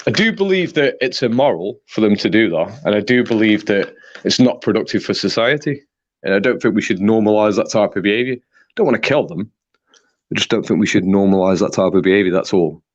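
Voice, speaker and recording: A man's voice: lowish voice, lively intonation, brisk. A guest in a heated live debate, heard through muffled, lo-fi audio. He rambles defensively and keeps checking in with "right?".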